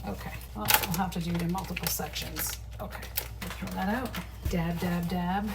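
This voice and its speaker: A woman's voice: on the low side, fairly even intonation, normal speed. Middle-aged woman, casual cooking vlog, chatty and swearing, phone mic at a distance, noisy home kitchen. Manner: chatty, swearing freely, talking to camera while cooking. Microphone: phone on a tripod. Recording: phone mic from across the kitchen with background noise.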